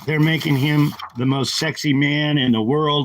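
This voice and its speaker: Speaking at a normal speed with few pauses, this man has a fairly high pitch and fairly even intonation. He's a live streamer ranting angrily and repetitively into a handheld phone, clearly agitated. The recording is rough.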